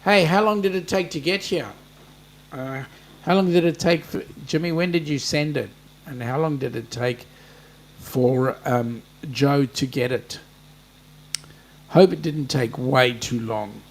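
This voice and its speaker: A man's voice: mid-range voice, unhurried. An Australian man hosting a casual live-stream chat, reading out viewers' comments and answering them with plenty of ums and a friendly matey manner. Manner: chatty, addresses viewers by name, many ums.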